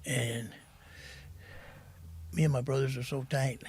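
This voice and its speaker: A middle-aged man telling his recovery story as a podcast guest, soft-spoken and halting, saying "man" often. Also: medium pitch, fairly even intonation, slight background noise.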